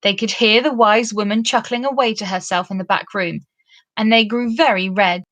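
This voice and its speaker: Bright woman reading a children's story. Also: medium pitch, steady tone, normal speed, no room sound. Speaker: storybook reader. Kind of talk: children's story read-aloud.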